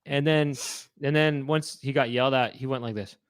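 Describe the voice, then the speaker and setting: A man's voice: medium pitch, steady tone, moderate pace, smooth, no echo. A man in his forties co-hosting a casual chat show, telling stories in a rambling way that keeps cutting itself off. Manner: rambling, self-interrupting storytelling. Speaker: co-host.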